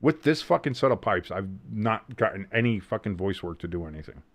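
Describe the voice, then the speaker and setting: A man with a New Jersey accent hosting a casual live watch-along, calling plays with excitement, swearing and joking. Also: lowish voice, a little fast. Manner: excited play-by-play with swearing and jokes. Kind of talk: casual live game commentary.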